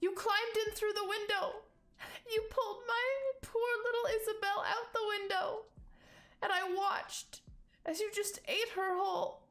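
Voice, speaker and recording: A woman voicing a hysterical, grieving rabbit-folk mother who shouts accusations and sounds close to tears. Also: fairly even intonation, unhurried, exaggerated voice. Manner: shrill, accusing, near tears.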